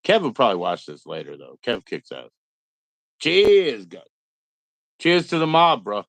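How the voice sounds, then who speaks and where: A man's voice: medium pitch, huge pitch swings, a little slow, vocal fry, a bit bright, no room sound, low-quality recording. A middle-aged man hosting a casual livestream, rambling and swearing, mocking other people in put-on voices. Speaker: livestream host.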